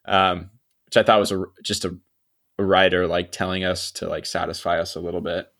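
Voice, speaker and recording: Young man, low voice, podcast host, casual recap, laughs a lot, trails off. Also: fairly quick. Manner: relaxed, chatty, laughs often, trails off quietly. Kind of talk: casual chat recapping a TV episode.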